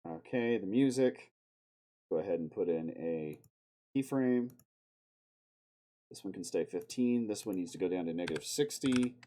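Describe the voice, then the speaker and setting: Husky-voiced man muttering while editing. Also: sits low, animated, moderate pace, pauses often, mellow. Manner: profane, muttering to himself, sudden outbursts. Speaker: live streamer. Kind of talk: casual self-talk while video editing on stream.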